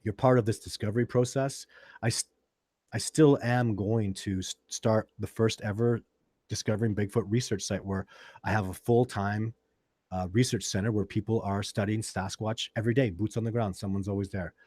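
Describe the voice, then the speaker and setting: A man's voice: fairly low pitch, fairly even intonation, moderate pace, a little mellow, dry recording. A man hosting a live stream, answering viewers' questions and telling stories in a rambling way, with many restarts and fillers. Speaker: host of a live video chat about Sasquatch research.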